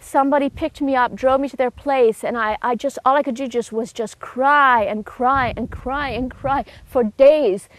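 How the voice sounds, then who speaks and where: A woman's voice: moderate pace, few pauses, no room sound. A woman giving an earnest, emotional personal testimony, telling her story with frequent restarts. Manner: acts out quoted voices with raised pitch.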